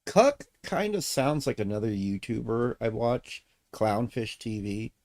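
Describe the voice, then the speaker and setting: A man's voice: mid-range voice, animated, unhurried, a little mellow, no echo. A man hosting a casual reaction stream, blunt and wisecracking with plenty of swearing. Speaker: streamer host.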